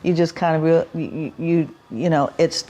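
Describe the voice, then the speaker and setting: A woman's voice: sits low, steady tone, normal speed, warm tone, muffled recording. Heartfelt middle-aged woman musician. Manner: heartfelt, restarts often, laughs easily. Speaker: guest musician. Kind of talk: interview conversation.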